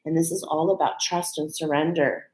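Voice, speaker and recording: Low-voiced chatty woman reading cards. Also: fairly even intonation, normal speed, background noise. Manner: warm, chatty, with fillers like "okay?" and "right?"; emotional, laughing and near tears at times. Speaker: spiritual card reader. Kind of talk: casual live card reading.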